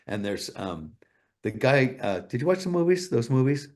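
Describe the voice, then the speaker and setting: A man's voice: mid-range voice, sing-song, moderate pace, a little mellow. A male guest telling stories in a casual interview, rambling and swearing a lot. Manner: profane, rambling, full of fillers.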